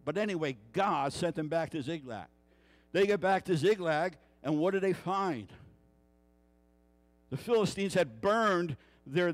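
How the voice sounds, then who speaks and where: High-voiced man preaching a sermon. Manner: storytelling, acting out quoted voices; rhetorical questions to the congregation. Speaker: pastor.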